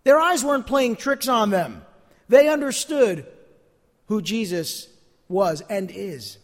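Earnest male preacher, high voice, echoey church hall. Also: slow pace. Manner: earnest, animated preaching with emphatic repetitions. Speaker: pastor. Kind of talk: sermon.

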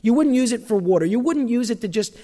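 A man preaches in an animated, folksy way, his voice high and swinging widely in pitch. It rings with a long hall reverb, as in a church sanctuary. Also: quick pace. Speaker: pastor. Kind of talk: sermon.

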